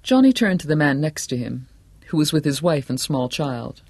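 A man reading a novel aloud in a measured, steady storytelling voice. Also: fairly high pitch, gravelly, dry recording. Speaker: audiobook narrator. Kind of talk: scripted narration.

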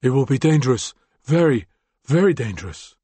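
A man's voice: mid-range voice, very animated, normal speed, warm tone, husky, no room sound. A man voicing a cautious, earnest male gang lieutenant in an audiobook. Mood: wary.

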